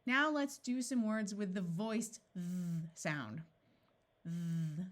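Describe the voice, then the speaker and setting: A woman teaching a phonics lesson, sounding out each word slowly and then blending it together. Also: medium pitch, lively intonation. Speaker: reading tutor.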